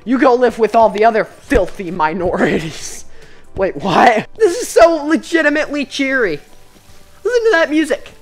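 A woman's voice: on the high side, very animated, normal speed, soft background music. A woman giving comedic, profane commentary while playing a VR game and chatting with its characters. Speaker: gamer.

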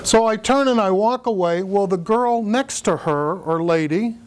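A man's voice: sits high, normal speed. Rambling man in his sixties telling a story. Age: 60s. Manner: rambling storyteller with frequent fillers and laughs. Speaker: speaker at a political meeting. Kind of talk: casual anecdotal talk. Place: hotel meeting room.

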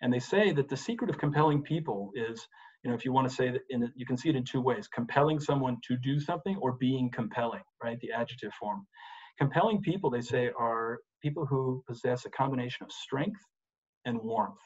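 A man's voice: medium pitch, a little fast, a little mellow, husky, highs cut off. A middle-aged man coaching lawyers in a webinar from his home office, talking with energy and stressing points by repeating "you've gotta". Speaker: advocacy and presentation coach. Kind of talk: webinar presentation. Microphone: desk microphone.

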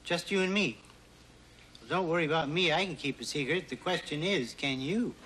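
An actor playing a quick-witted courtier who guesses aloud in an amused, conspiratorial way. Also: male voice, fairly high pitch, close to an everyday voice. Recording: noisy old TV recording.

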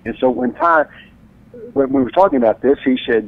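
A man tells stories as a radio guest, his voice leaping up and down as he acts out what others said. There's a gravelly grain to his voice. The sound is dry and tinny, as if heard over a phone line. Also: very animated, a little fast, no room sound. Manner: enthusiastic storyteller, acts out quotes with big pitch jumps. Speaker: author and guest. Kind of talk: animated radio interview storytelling.

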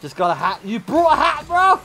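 A man's voice: very high-pitched, very animated, brisk, sharp tone, a little hiss or hum. A man streaming, telling a profane story to chat and laughing often.

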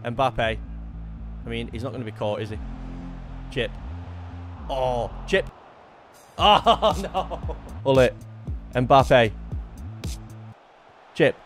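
A young man giving lively live commentary on his own gameplay, talking to himself and bursting into shouts. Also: medium pitch, slow, pauses often, soft background music. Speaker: gaming YouTuber.

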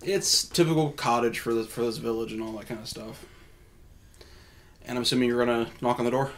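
A man's voice: medium pitch, steady tone, brisk, slight background noise. A man narrating a tabletop game as game master, describing scenes in a casual, laid-back way.

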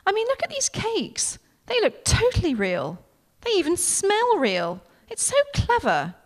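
A British woman reading aloud and voicing a giddy young shopaholic heroine with bubbly, squeaky excitement. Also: normal speed. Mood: excited.

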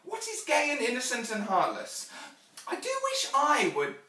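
A man's voice: extremely high pitch, huge pitch swings, normal speed, pushed and bright. A man giving an earnest, reflective storytelling monologue in a performance at home. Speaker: solo storyteller. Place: living room of a home. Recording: echoey room, from far off.

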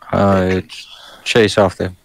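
Low-voiced, deadpan man playing a tabletop game. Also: takes it slowly, vocal fry, low-quality recording. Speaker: player. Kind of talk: casual tabletop game chat.

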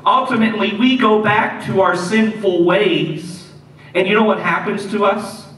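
A man preaching a sermon as pastor, telling stories in an animated way and repeating key lines for emphasis. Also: high-pitched, slight background noise. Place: church sanctuary. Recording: echoey church hall, mic at a distance.

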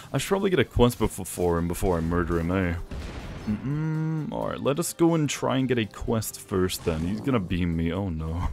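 A young man giving excitable gameplay commentary, talking to himself and laughing often. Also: lowish voice. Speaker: gaming YouTuber.

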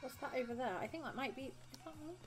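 A woman's voice: high-pitched, rapid-fire, music in the background. A woman hosting a live game stream, talking casually in a chatty, rambling way with lots of fillers and giggles. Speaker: streamer and host.

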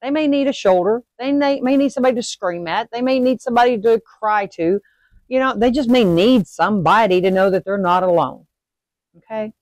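A woman's voice: fairly high pitch, a little fast, no room sound. A woman hosting a witchcraft lesson, talking casually and checking in with "okay?" and "all right?" after nearly every point. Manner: animated when acting out sudden emotions. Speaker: host teaching witchcraft. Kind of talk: casual instructional talk.

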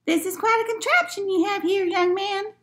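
A woman reading a picture book aloud, voicing a cheerful, adventurous little old lady in a high, quavering voice. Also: moderate pace, a bit bright, slight background noise. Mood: delighted.

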